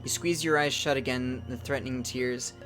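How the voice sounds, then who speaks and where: Reading aloud from a text adventure, this man keeps interrupting himself with sudden loud yelps of surprise as the game's music runs underneath. He has a mid-range voice, a steady tone, and talks at an ordinary speed.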